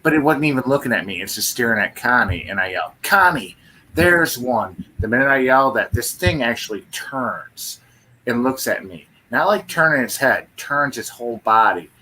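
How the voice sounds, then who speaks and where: Guy with a bright punchy voice, eager storyteller, casual live chat. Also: medium pitch, expressive, moderate pace, slight background noise. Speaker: co-host of a live paranormal show.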